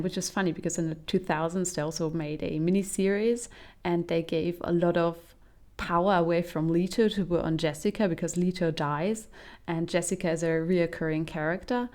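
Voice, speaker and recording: A woman's voice: on the low side, steady tone, normal speed, darkish tone. A woman giving a casual comedic film review, chatty and full of um's, restarts and laughs. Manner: chatty, frequent um's and self-restarts, laughs while talking.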